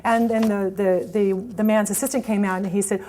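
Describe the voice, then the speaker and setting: A middle-aged woman speaks to an audience about her early struggles, her voice rising and falling as she acts out what people said to her. She talks in looping, unscripted sentences full of restarts. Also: fast. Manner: animated storytelling with many restarts, acting out quoted lines in a higher voice. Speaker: speaker at a networking event. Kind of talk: personal storytelling talk.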